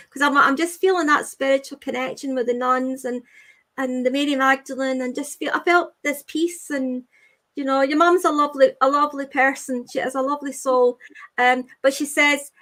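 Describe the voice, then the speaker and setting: High-voiced woman medium, soothing. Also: fairly bright tone. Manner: halting, repeats phrases, soothing with "okay, sweetheart". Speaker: medium giving readings. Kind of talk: live online spirit reading.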